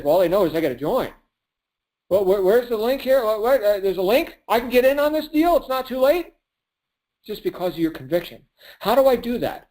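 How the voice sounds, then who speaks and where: A preachy, punchy motivational sales speaker coaches a call, asking and answering his own questions and laughing a lot. His voice is on the high side with a darkish tone.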